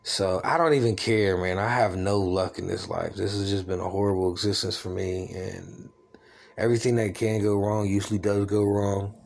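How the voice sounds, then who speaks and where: Forties guy, low gravelly voice, rambling vlog, kinda down on himself, little bit of hiss. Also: fairly even intonation, moderate pace. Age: 40s. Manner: rambling, confiding, self-deprecating.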